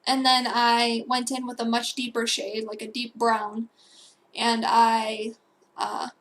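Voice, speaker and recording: This is a casual home voice-over for a digital painting tutorial by a young woman. Her voice sits on the high side and is fairly bright, but she speaks slowly and in a monotone, rambling, correcting herself, and dropping in fillers and asides.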